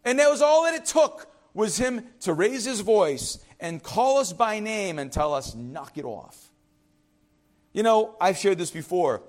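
A man preaching a sermon as pastor, emphatic and repetitive, with frequent "right?" asides and shifts between loud declarations and quiet confiding remarks. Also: on the high side.

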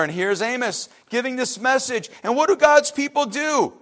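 High, lively passionate preacher man. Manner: passionate, animated, with quick asides to the congregation. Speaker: pastor. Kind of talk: sermon.

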